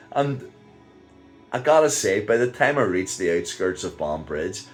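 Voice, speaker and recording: Chuckling older Northern Irish man, deep. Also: very animated, a little slow, soft background music. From Northern Ireland. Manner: rambling, chuckles often, many fillers. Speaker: vlogger. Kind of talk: casual storytelling.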